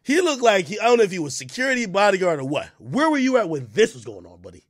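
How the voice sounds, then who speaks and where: Animated high-pitched man ranting. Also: fast, husky. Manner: loud, laughing, swings from shouts to mutters. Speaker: hip hop commentary streamer. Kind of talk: animated reaction commentary.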